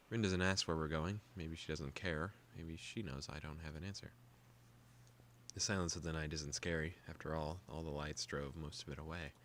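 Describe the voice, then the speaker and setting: A young man hosting a gaming video, calmly reading a visual novel aloud with joking asides. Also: rumbling low, a little hiss or hum.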